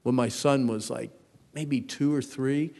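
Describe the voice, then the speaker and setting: A man in his fifties preaching a sermon as a pastor, swinging from hushed asides to loud emphatic lines. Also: medium pitch, fairly even intonation, measured pace, gravelly, long reverb tail. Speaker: pastor and youth counselor.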